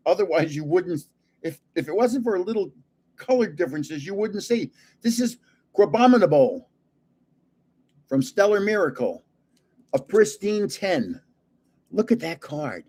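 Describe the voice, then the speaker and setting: An older man talks casually to his livestream viewers, chuckling as he goes. His voice sits a bit high and swings widely in pitch. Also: very animated, a little slow, dark tone, slightly rough. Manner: chatty, chuckling, greets viewers. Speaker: card-collecting livestream host. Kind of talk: casual livestream chat while opening cards.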